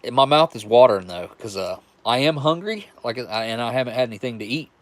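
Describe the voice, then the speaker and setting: Talking fast and expressively, this West Virginian man hosts a live stream in his native accent at a medium pitch. His chat is casual and meandering, with frequent restarts.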